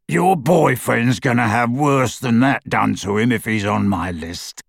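A man voicing a cruel male captor with a rasping, gloating voice. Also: medium pitch, no room sound, clean studio sound. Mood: threatening. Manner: leering, slow and gloating.

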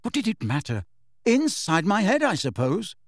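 A man's voice: fairly high pitch, wildly swooping pitch, moderate pace, no room sound, studio quality, voice pushed up. A man voicing an impatient, upset teenage boy wizard. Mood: agitated.

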